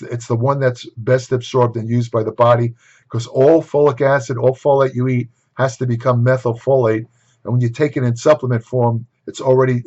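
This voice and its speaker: A man's voice: mid-range voice, darkish tone. An older man giving a casual lecture to camera on nutrition, blunt and opinionated, with exasperated asides. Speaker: nutrition writer and host. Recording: dull lo-fi recording.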